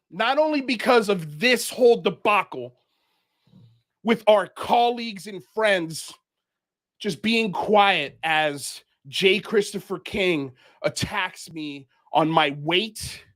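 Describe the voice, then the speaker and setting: Calling people out in a heated rant, this livestream show host hails from Miami in the United States. He speaks with a high pitch and a fairly bright tone.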